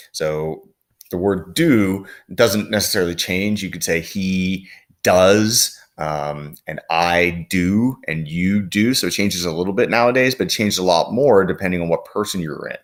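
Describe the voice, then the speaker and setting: A man with a low, deep voice teaches a recorded lesson. He explains step by step at an easy pace, with plenty of "uh" and "um" along the way. Now and then he reads short quoted lines aloud in the same plain voice. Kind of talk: recorded classroom lecture.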